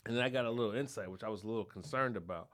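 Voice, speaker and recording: A Philadelphia man hosting a podcast speaks in a fairly low voice at a racing pace. He tells a profane story casually and with animation, acting out the people in it.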